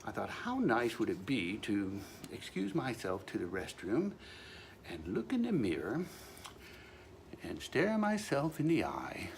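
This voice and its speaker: A man's voice: on the low side, huge pitch swings, unhurried, slight background noise. A man hosting his own show, telling a comic monologue in a wry, mock-solemn way with playful asides. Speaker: show host.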